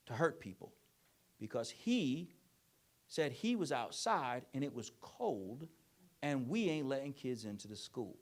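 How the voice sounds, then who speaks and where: Male keynote speaker, mid-pitched, animated storyteller who slips into character voices, emphatic and repetitive. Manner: animated storytelling, acts out parents and children in quick voices; emphatic, repetitive rhetorical phrasing. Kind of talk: keynote speech with audience Q&A.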